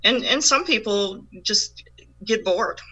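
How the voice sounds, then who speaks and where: A woman's voice: mid-range voice, lively intonation, takes it slowly, pushed and bright, husky, poor audio. A woman, a psychic medium guest on a talk show, explaining in a chatty way with frequent restarts. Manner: chatty, laughs often, many restarts. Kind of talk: casual chat.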